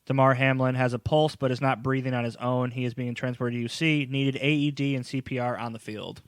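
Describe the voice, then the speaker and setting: A man of middle pitch trades jokes and chatter on a casual sports podcast. His talk is loose and quick to tease. The recording is dry and close. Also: level tone, smooth, dry recording. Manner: joking, chatty banter. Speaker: podcast co-host.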